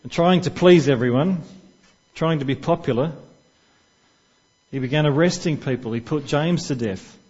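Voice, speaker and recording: A man's voice: on the high side, normal speed, darkish tone, husky, dull audio. A man preaching a sermon in church, talking conversationally and asking the congregation questions.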